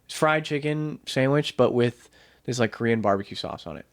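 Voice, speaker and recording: A man's voice: medium pitch, moderate pace. Young man telling a rambling story. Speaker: podcast co-host. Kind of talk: casual chat.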